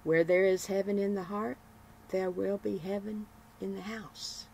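A woman reading a morning devotional as a sermon, with measured phrasing and emphatic repetitions. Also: medium pitch, fairly even intonation, vocal fry, mellow, a little hiss or hum, low-quality recording. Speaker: devotional broadcaster.

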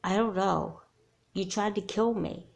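A woman's voice: mid-range voice, unhurried, gravelly, a little mellow. A woman voicing a wary, earnest young girl doll in a homemade doll movie, who speaks bluntly. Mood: guarded.

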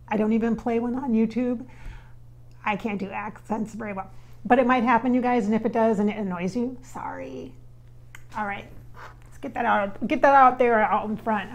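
Woman host, psychic medium, casual, rambling and self-mocking, voice a touch high. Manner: chatty, rambling, self-deprecating. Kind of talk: casual chat.

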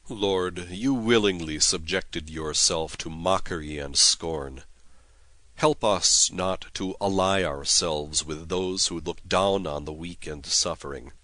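A priest giving a solemn, measured devotional reading of prayers and scripture, with some prayers recited in Latin. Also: male voice, low voice, pushed and bright, no room sound.

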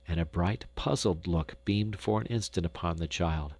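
An older man giving gentle, measured narration of a storybook on a close studio mic. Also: sits low, husky, no room sound. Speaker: audiobook narrator.

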